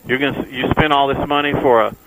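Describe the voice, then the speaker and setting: A man's voice: medium pitch, fairly even intonation, quick pace, background noise. A man, a motorcycle vlogger talking casually to viewers while riding his bike on the freeway, folksy and chatty. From Texas. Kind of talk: casual riding vlog chat.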